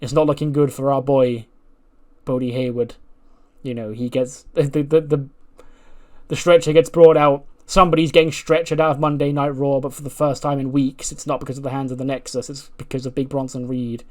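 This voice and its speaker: A man narrates a wrestling management game playthrough like a running story. He talks casually and with energy, and his voice sits in a middle range for a man. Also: medium pitch. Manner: animated storytelling, acting out characters. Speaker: gaming YouTuber. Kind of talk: recounting a wrestling sim playthrough.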